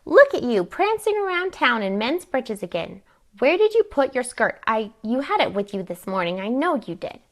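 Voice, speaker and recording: A woman's voice: medium pitch, monotone, normal speed, hardly any pauses, close to an everyday voice. A woman reading her story aloud, voicing a stern aunt who scolds her niece. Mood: scolding. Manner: sharp, scolding, raised voice. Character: stern strict aunt, middle-aged woman, scolding healer.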